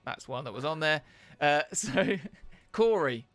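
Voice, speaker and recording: Lively man running a tabletop game. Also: a little high, measured pace. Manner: animated, laughing, searching for words. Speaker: dungeon master.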